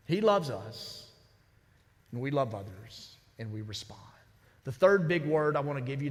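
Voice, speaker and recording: A man who is the senior pastor, preaching a sermon in a lively, conversational storytelling way. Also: medium pitch. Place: large church sanctuary. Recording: church sanctuary with long reverb.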